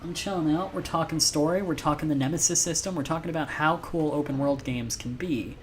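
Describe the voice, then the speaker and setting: A man streaming a video game live, chatting in a playful, excitable way with many fillers. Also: a little high, brisk, slight background noise.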